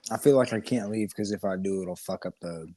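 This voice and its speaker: A young man with a low voice, chiming in on a casual podcast chat. He keeps his replies short and easygoing and laughs easily. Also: slight background noise. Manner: relaxed, brief replies, quick to laugh. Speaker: podcast co-host.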